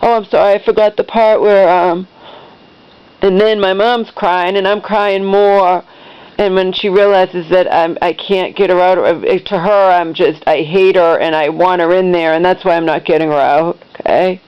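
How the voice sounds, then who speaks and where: A woman's voice: on the low side, fairly even intonation, normal speed, clean tone, muffled recording. A middle-aged woman tells a painful family story to the camera, rambling and restarting as she goes. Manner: rambling, emotional retelling with restarts. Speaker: vlogger.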